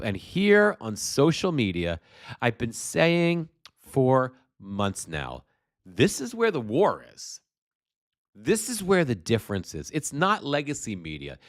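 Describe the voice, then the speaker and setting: Slow, impassioned man with a congested voice. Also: mid-range voice. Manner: impassioned, emphatic, profane. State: congested with postnasal drip. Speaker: livestream host. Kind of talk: political livestream commentary.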